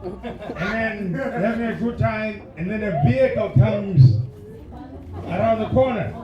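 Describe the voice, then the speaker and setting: Male stand-up comic working the crowd with shouted bursts, voice a little off-mic in a live room. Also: high voice, unhurried, lo-fi sound, heavy background noise. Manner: loud crowd work, sudden shouted bursts. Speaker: stand-up comedian. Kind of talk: stand-up comedy set. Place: comedy club stage. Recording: roomy live venue, mic at distance, audience. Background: laughing audience.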